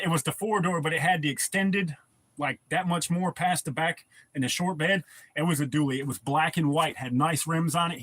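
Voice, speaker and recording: A man's voice: fairly high pitch, fairly bright tone. Laid-back profane sounding man. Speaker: livestream host. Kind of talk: casual chat reading viewer comments.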